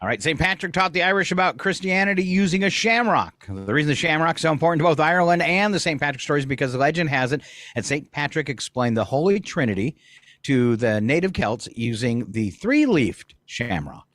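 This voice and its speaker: Male morning radio host, joking, slightly high lively voice, dry studio mic. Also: no echo. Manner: joking, reading a list of gags with pauses and fillers. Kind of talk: casual radio banter. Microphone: studio microphone.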